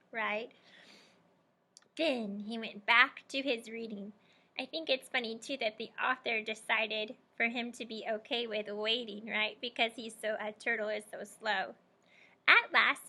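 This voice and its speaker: A young woman teacher guides young children through a storybook, pausing often to ask questions and praise answers. Her voice is bright and a little high, and she speaks slowly and carefully. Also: gravelly. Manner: encouraging, prompting and praising students.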